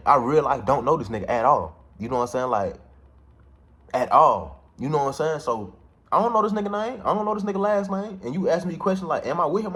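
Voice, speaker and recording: A young man casually telling a personal story in heavy slang, animated and repeating "you know what I'm saying" as a filler. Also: mid-range voice, quick pace. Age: young adult.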